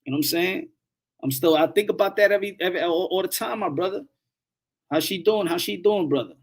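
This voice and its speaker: A man hosting a boxing channel, giving casual live-stream commentary, animated, often repeating words and swearing freely. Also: high-pitched, fast talker.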